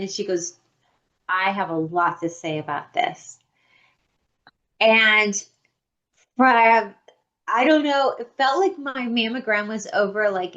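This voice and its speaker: A podcast co-host with a mid-range voice talks casually and from the heart. She tells animated stories, performing what other people said. The sound is slightly dull and lo-fi.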